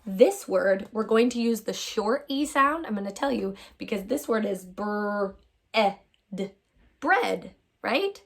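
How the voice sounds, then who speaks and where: A woman teacher giving a phonics lesson to young children, warmly upbeat, stretching out sounds and calling her students my friends. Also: a little high, expressive, unhurried, creaky, breathy edge.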